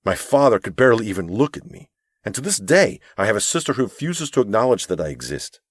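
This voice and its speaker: A male narrator voicing an older bearded mentor, gentle and devout, speaking earnestly in a raised voice. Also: on the low side, very animated, fast talker, dry recording, clean studio sound, voice pushed up.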